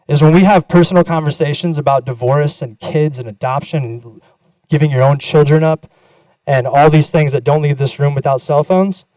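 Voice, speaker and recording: A man's voice: a little high, darkish tone, dry recording, poor audio. A young man giving a casual, candid conference talk, swearing freely and acting out his own anecdotes. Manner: candid, profane, self-deprecating, acts out quoted exchanges. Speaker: conference speaker. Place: conference stage.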